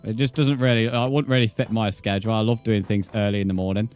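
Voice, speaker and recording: A man's voice: on the low side, fairly even intonation, fast, a little mellow, soft background music. A British man chatting casually while livestreaming a game, swearing freely and muttering counts under his breath. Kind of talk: casual gaming livestream chat.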